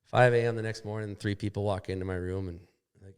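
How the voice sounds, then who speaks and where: A man's voice: lowish voice, steady tone, quick pace, clear, resonant tone. A man, a podcast guest telling a story in a plainspoken, mildly profane, wry way. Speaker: podcast guest, snowmobile racer. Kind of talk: casual storytelling.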